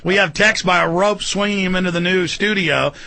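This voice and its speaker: A man hosting a talk radio interview in a studio, rambling and forceful with many fillers. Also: high voice, fairly quick, vocal fry. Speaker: radio host.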